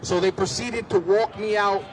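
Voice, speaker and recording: High-voiced man giving impassioned testimony. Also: fairly even intonation, normal speed, slight background noise. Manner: vivid storytelling, rising to emphatic pleas. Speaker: speaker at a street march. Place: outdoors on a city street.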